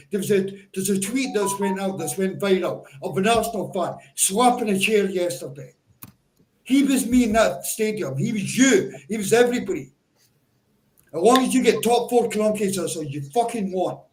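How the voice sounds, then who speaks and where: A man's voice: sits high, darkish tone, echoey room. A man ranting angrily as a football fan panelist, swearing constantly and sounding exasperated. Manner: furious, heavy swearing, exasperated. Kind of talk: angry football fan rant.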